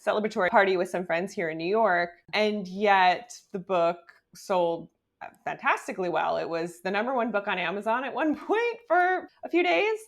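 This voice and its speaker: A woman author being interviewed, telling her story in a chatty, animated way with lots of "like"s. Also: medium pitch, moderate pace. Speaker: guest author. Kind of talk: casual interview talk. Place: home office in New York.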